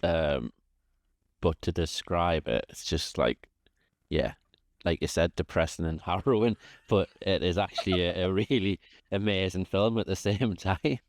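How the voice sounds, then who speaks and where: A man's voice: deep voice, measured pace, no room sound. A man talking as a guest in a casual chat, laid-back and a bit hesitant.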